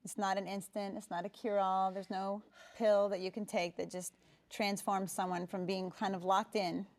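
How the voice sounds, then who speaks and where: A woman's voice: mid-range voice, little pitch movement, moderate pace, darkish tone. A woman hosting a talk show in front of a live audience, asking guests questions in an engaged, encouraging way. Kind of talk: interviewing guests. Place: stage before a live audience.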